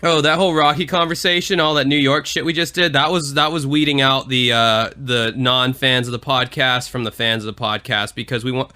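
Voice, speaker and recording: A young man co-hosting a podcast, telling stories in animated casual chat with swearing. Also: medium pitch, brisk, hardly any pauses, clean tone. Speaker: podcast co-host.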